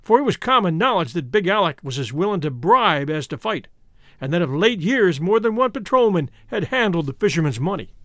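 A male narrator tells a first-person adventure tale in a high, animated voice. The recording is dry and close, with no room sound at all. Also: fairly quick, dry recording. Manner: expressive reading with lively pitch. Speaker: audiobook narrator.

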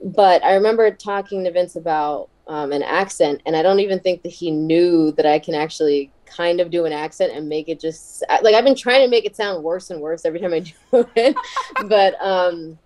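A woman guest in a casual interview, chatty and quick to laugh, with many fillers. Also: fairly low pitch, a little mellow, low-quality recording. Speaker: wrestler and podcast guest.

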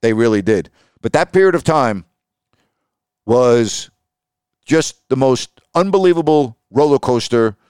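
A middle-aged man hosts his podcast with a smooth, resonant voice, leaning hard on his points as he tells a story. He is recorded close to the mic in a dry, dead room. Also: mid-range voice, a little slow, long pauses, no room sound. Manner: emphatic, animated, acts out quoted voices. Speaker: podcast host and sports broadcaster. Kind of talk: storytelling monologue.

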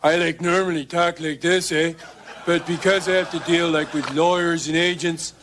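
A man's voice: a little high, fairly even intonation, moderate pace, background noise, close to an everyday voice. A man playing a Canadian rock singer in a comedy sketch, easygoing and slipping in "like" and "eh". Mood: amused. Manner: easygoing, slips in "like" and "eh". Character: Canadian rock singer hiding his hoser side. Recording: archive TV clip with loud audience.

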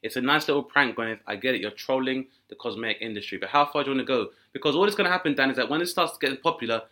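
Animated comedian, bright voice. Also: male voice, very fast. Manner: animated storytelling, jumps into high-pitched voices for characters. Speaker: comedian guest. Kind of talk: comic riffing with voiced characters.

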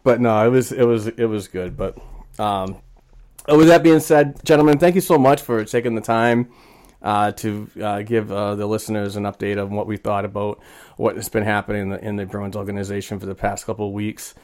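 A man's voice: fairly low pitch, brisk. A man hosting a hockey podcast, telling stories in casual chat with lots of fillers. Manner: animated storyteller, frequent fillers. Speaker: podcast host.

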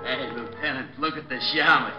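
A man's voice: medium pitch, normal speed, over loud music, natural voice. An actor playing a cheerful, dim-witted male police sidekick with a goofy manner in a 1940s radio drama. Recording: roomy, dull old radio recording.

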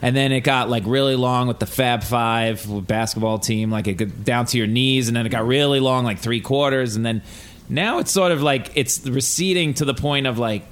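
A man's voice: medium pitch, moderate pace. Laid-back male podcast host. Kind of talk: casual chat.

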